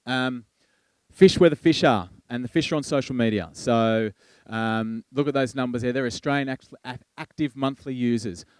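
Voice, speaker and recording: Man, keynote speaker, relaxed delivery with fillers, resonant voice, dry close mic. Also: mid-range voice, normal speed, smooth, no echo. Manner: conversational, with frequent fillers and restarts. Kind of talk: conference presentation.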